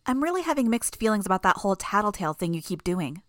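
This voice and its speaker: A woman voicing a sarcastic, sharp-witted young woman in a fan audiobook. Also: medium pitch, sing-song, dry recording, studio quality, pitched above the performer's own voice, lightly acted. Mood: wry. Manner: sarcastic, quick. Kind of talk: audiobook character voice.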